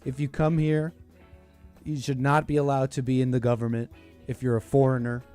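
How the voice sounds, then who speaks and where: A man's voice: medium pitch, flat delivery, moderate pace, a little mellow, smooth, faint music behind. A man hosting a casual political livestream, rambling and hesitant, often breaking off mid-sentence. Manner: rambling, hesitant, self-interrupting. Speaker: stream host.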